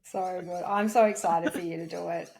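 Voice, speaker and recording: A woman with a fairly low voice co-hosts a casual podcast. She is supportive and swears casually as she talks. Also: steady tone, normal speed, gravelly, a little mellow. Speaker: podcast co-host. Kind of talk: casual chat.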